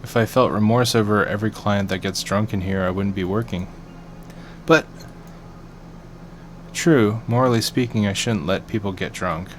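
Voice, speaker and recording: A man's voice: on the low side, slight background noise, lightly acted. A man voicing a young woman bartender, speaking in a dry, matter-of-fact way.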